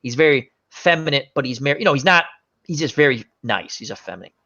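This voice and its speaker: A man's voice: medium pitch, expressive, fast talker, bright, forceful tone. A man hosting a casual chat show, telling rambling movie stories and often groping for names. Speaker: show host. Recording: dull lo-fi sound.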